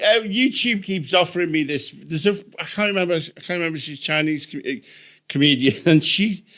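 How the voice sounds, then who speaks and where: A man's voice: fairly high pitch, bright, forceful tone. An older man, a comedian hosting a live podcast on stage, talking in a sweary, mock-aggressive, rambling way full of fillers. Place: comedy venue stage before a live audience. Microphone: stage mic on stand.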